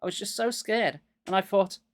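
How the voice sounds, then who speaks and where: A man reading aloud, voicing a terrified young girl who shouts and pleads in a frantic, raised voice. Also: sits high, fairly even intonation, normal speed, voice pushed up, lightly acted.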